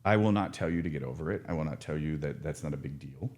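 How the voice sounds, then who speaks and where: Man, addiction counselor; deep voice, frank and earnest, lots of restarts. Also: fast, a little mellow. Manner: earnest, frank, with many restarts and casual swearing. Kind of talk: casual podcast conversation.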